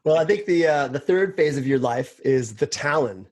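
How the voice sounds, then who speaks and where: A man hosting a casual interview, reacting quickly and laughing along with his guest. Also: on the high side, expressive, darkish tone. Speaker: podcast host.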